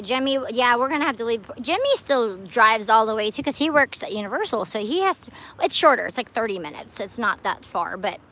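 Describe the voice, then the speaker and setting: Chatty high-voiced woman vlogging outdoors. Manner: chatty and excitable, coos at a frog. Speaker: vlogger livestreaming. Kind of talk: casual live vlog chat. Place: outdoor parking lot at night.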